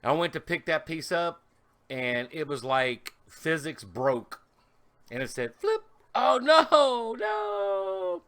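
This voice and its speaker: A man chatting casually in a vlog, rambling and animated, telling stories with laughs as he shows his work. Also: medium pitch, measured pace. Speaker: vlogger.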